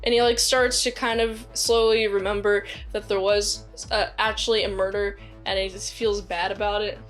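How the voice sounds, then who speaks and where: A woman's voice: medium pitch, little pitch movement, moderate pace, hardly any pauses, faint music behind. A woman giving a casual movie review, rambling with lots of "like"s. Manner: rambling, many "like"s, acts out quotes.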